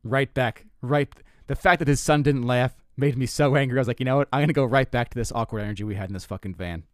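A young man hosting a podcast, telling a comic story in a casual, animated way, stumbling and restarting often. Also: quick pace, dry recording, studio quality. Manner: animated, self-interrupting, swears, jumps pitch for quoted lines. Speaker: comedian podcast host.

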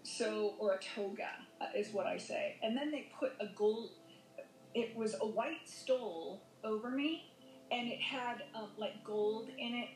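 A woman's voice: fairly high pitch, a little hiss or hum. A woman telling a personal near-death story as a podcast guest, rambling with many fillers and self-corrections. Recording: echoey room.

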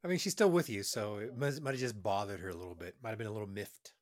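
A man's voice: on the low side, quick pace, a little mellow, no room sound. A man in casual, crude podcast chat who rambles, swears a lot and trails off into fillers. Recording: dry close sound.

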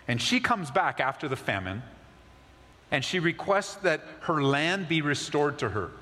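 Male pastor, slightly high voice, conversational sermon that sinks soft for emphasis, reverberant sanctuary. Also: sing-song, measured pace. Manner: conversational preaching, drops low and soft for emphasis.

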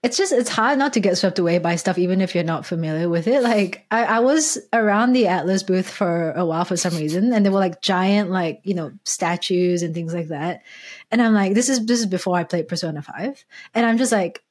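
A woman co-hosting a casual podcast, telling an anecdote in a lively, self-mocking way with frequent laughter. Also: lowish voice, a little fast. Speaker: podcast co-host. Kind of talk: casual storytelling.

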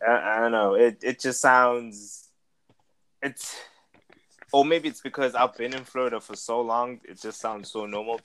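A man hosting a casual podcast chat, relaxed and laughing often, repeating words as he thinks. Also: mid-range voice, poor audio. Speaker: podcast host.

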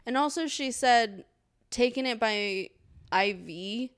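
A woman co-hosting a podcast, telling a story in an animated way with laughter and swearing. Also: a little high, takes it slowly, smooth, dry recording, clean studio sound. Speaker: podcast co-host. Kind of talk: casual chat.

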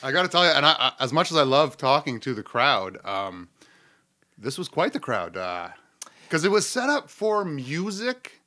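Bright-voiced joking podcast co-host man. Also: medium pitch, normal speed. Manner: lively storyteller, animated and jokey. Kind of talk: casual chat.

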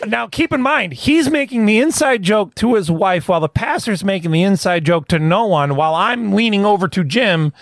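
A man's voice: high-pitched, normal speed, few pauses, dry recording, studio quality. A man co-hosting a comedy podcast, telling stories in casual chat and laughing often. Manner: animated storyteller, laughs often. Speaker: podcast co-host.

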